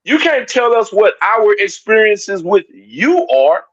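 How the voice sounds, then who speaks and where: A man's voice: sits high, animated, slow, a bit bright. A man giving a heated, confrontational livestream rant, talking straight at his chat and repeating his points. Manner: confrontational, repetitive, addresses chat directly. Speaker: livestream commentator. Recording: dull lo-fi stream audio.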